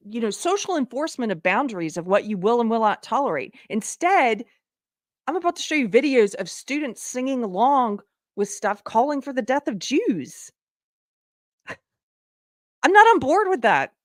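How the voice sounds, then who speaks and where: A woman's voice: a little high, lively intonation, normal speed, dry recording, studio quality. A woman hosting a live online commentary show, talking in an impassioned way that climbs into exasperated outbursts. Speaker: show host.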